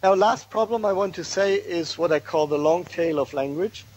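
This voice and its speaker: Husky-voiced male lecturer. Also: sits high, normal speed, a little mellow, poor audio. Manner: thoughtful, restarts words, explains step by step. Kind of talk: academic lecture.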